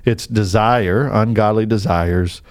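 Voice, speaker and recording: Earnest low-voiced man teaching. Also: slow, smooth. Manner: earnest, explains scripture with casual asides. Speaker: podcast co-host. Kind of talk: casual podcast chat. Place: studio.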